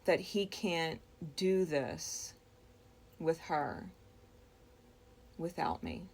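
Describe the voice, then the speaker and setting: Slow, gravelly-voiced woman recounting a dream. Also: sits low, animated, darkish tone. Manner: slow, reflective, with frequent pauses and restarts. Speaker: storyteller.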